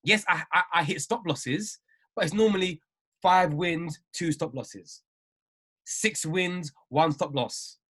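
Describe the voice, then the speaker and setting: A man coaching traders on a video call, talking in an animated, emphatic way and repeating himself for effect. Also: fairly high pitch, slow pace, slightly rough. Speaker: trading coach.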